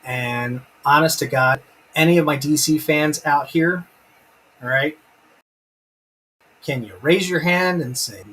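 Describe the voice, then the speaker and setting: A man's voice: fairly high pitch, takes it slowly, long pauses, a bit bright, breathy edge, poor audio. A man hosting a casual live stream, enthusiastic and rambling, breaking off to read out chat comments. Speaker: live-stream host reviewing a TV episode.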